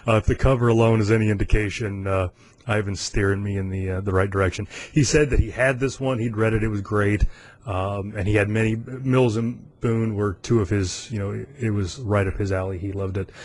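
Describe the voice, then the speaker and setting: A man's voice: lowish voice, fairly even intonation, brisk, a little mellow. A man in his forties from the United States, hosting a podcast in a casual, self-amused chat with frequent fillers and chuckles. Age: 40s. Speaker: podcast host.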